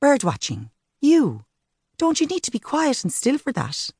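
A woman's voice: sits high, wildly swooping pitch, a little slow, a little mellow, no echo, studio quality, voice pushed up, exaggerated voice. A woman voicing a good-humoured young woman who teases her best friend in a wry way. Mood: teasing.

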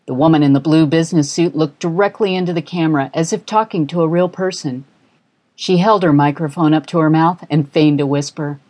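A woman narrating a humorous short story for an audiobook in an even storytelling manner. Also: sits low, fairly quick. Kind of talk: scripted narration.

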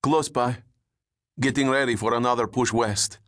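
A man voicing a cold, ruthless male German agent who speaks calmly and with quiet menace. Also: medium pitch, moderate pace, pitched above the performer's own voice, natural voice.

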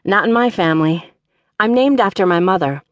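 A composed young woman who keeps her cool under insults, as the narrator voices her. She answers politely, with a thin, forced brightness. The recording is close and dry. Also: mid-range voice, expressive, fairly quick, dry recording, lo-fi sound, close to an everyday voice. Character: young woman heroine, polite but wry.

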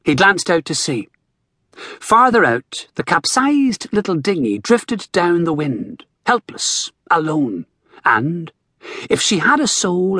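A man narrating a novel as an audiobook, in an expressive storytelling manner. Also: a little high, husky, no echo, studio quality. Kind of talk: scripted narration.

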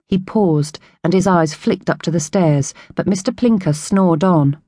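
A woman narrating a children's audiobook in a clear, measured storytelling manner. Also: lowish voice, dark tone, dry recording, clean studio sound. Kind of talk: scripted narration.

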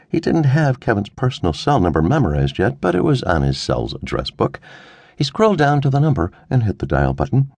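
A man narrating a detective audiobook in measured storytelling. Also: lowish voice, vocal fry, darkish tone, no room sound. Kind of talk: scripted narration.

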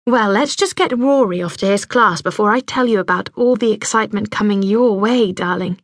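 A woman narrator voicing a young woman who is a caring, cheerful big sister, bright and reassuring in tone. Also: on the high side, moderate pace, no echo, studio quality. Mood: tender.

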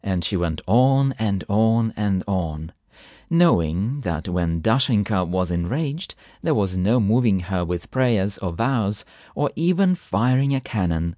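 A man reading a classic short story aloud as audiobook narrator, expressive and unhurried. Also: on the low side, no echo, clean studio sound. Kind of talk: scripted narration.

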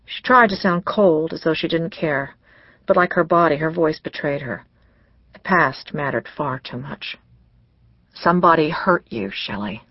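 An audiobook narrator reading a mystery novel in a measured, scripted way. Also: medium pitch, no room sound, highs cut off.

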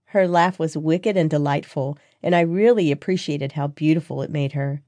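A woman reading a first-person audiobook in an even, intimate storytelling voice, close to a studio mic. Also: deep voice, moderate pace, hardly any pauses, no echo. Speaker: audiobook narrator. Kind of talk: first-person scripted narration.

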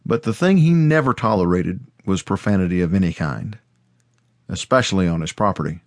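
A male audiobook narrator with a very low voice tells the story in first person, measured and steady. The recording is close and completely dry, with no room sound at all. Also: no echo.

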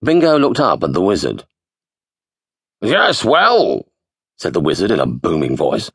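A man with a low, husky voice reads a comic story aloud in a close, dry studio recording. His delivery rises and falls in a lively way. He drops deadpan asides along the way. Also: brisk, no room sound. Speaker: audiobook narrator. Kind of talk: scripted comic narration. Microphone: close studio mic.

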